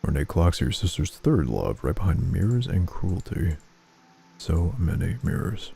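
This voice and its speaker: A man's voice: low-pitched, very animated, moderate pace, creaky, mellow, a little hiss or hum. A young man playing a game, reading its text aloud and making crude, sardonic remarks. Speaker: let's play gamer. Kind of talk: casual game commentary and reading.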